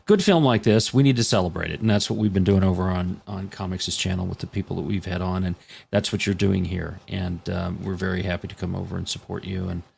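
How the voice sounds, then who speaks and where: A male guest chatting in an easygoing, unhurried way. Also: deep voice, steady tone, gravelly, darkish tone, husky. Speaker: guest co-host. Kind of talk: casual chat.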